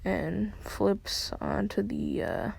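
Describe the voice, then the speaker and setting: A woman's voice: medium pitch, sing-song, very slow, gravelly, a little mellow, husky. A woman casually improvising a fan story, rambling with many fillers and restarts.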